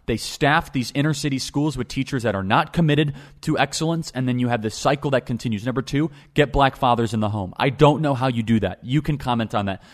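A man's voice: medium pitch, brisk, few pauses. A young man hosting a political talk show, speaking emphatically and repeating phrases for stress. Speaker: podcast host.

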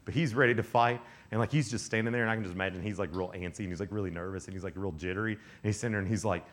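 A man in his thirties, a youth pastor telling a lively camp sermon story full of acted-out voices. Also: fairly low pitch, quick pace. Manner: animated, acts out characters, many "like"s.

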